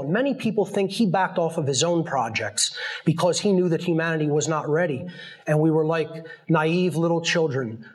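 Male lecturer, earnest and emphatic, husky, slightly high voice. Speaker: speaker. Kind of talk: conference lecture.

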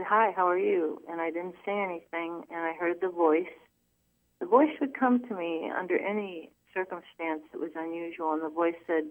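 Woman guest, earnest storyteller over a tinny phone line, lowish pitch. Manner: earnest storytelling with frequent restarts. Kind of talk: telling a personal story.

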